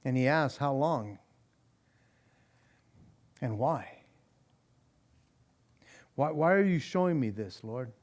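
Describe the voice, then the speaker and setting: A male pastor leading an evening Bible study in a church, talking in an animated way, often tripping over and repeating his words and breaking into laughs. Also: mid-range voice, slow, pauses often.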